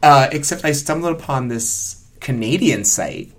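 A man hosting a casual podcast, chatty and quick to laugh as he talks. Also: mid-range voice, expressive, fairly bright tone. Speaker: podcast host.

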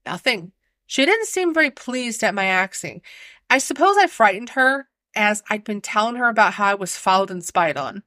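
A woman's voice: mid-range voice, expressive, moderate pace, bright, forceful tone, dry recording, studio quality. A woman voicing a timid young housemaid who speaks in a rustic, deferential servant's way. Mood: earnest, uneasy.

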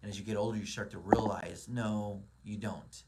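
Man, forties, fairly low voice, casual motivational vlog, rambling, restarts. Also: steady tone, normal speed, gravelly, heavy background noise. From Southern California. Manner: rambling, many ums and restarts. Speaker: real estate broker and coach. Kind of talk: casual motivational talk to camera.

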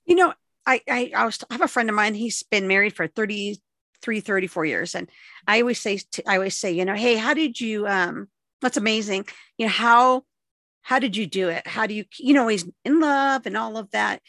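A woman's voice: medium pitch, moderate pace, fairly bright tone, no echo. A woman hosting an interview podcast, supportive and agreeing often in casual chat. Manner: supportive, frequent agreeing backchannels. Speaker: podcast host.

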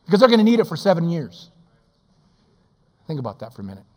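Older guy preaching, kinda high voice, loud then real quiet, echoey church. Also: very animated, fast talker. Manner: swings from booming to hushed, preacherly. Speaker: assistant pastor. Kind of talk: sermon. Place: church sanctuary. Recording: church hall reverb.

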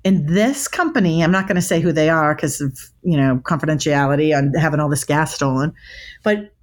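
Middle-aged lady w a lowish voice, emphatic, keeps restarting words mid-story. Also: brisk. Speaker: body language expert guest. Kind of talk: animated interview storytelling.

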